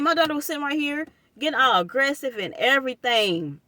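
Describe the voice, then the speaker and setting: A young woman, telling a personal story to her viewers in an animated, casual way and calling them y'all. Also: high-pitched, a little fast, hardly any pauses, no echo.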